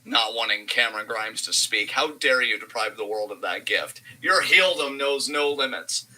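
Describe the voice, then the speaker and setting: A man's voice: mid-range voice, animated, normal speed, pushed and bright, rough recording. A man co-hosting a live wrestling reaction stream, doing sarcastic mock commentary and ironic hype. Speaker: co-host of a wrestling watch-along. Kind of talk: casual live reaction chat.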